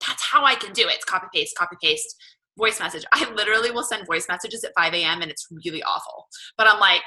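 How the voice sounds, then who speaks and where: A woman's voice: mid-range voice, animated, fast talker, pushed and bright, poor audio. A woman in her thirties with a Southern US accent, chatting casually and gushing as she coaches her fitness team. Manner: gushing, chatty, lots of "oh my gosh" and "like".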